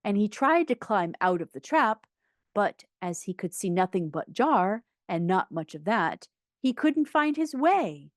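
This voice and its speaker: Woman narrator for a children's classic, unhurried and lively in pitch, expressive storytelling. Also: no room sound, studio quality. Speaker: audiobook reader.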